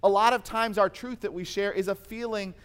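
A man's voice: sits high, steady tone, a little fast, clean tone. Storytelling male preacher. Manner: storytelling preacher, swings from emphatic to quiet and intimate. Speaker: pastor. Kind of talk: sermon.

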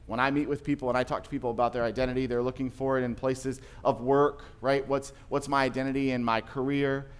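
A man's voice: mid-range voice, flat delivery, fast talker, hardly any pauses, smooth. A man preaching a sermon, telling stories in a conversational way that rises to emphatic passages. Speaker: pastor.

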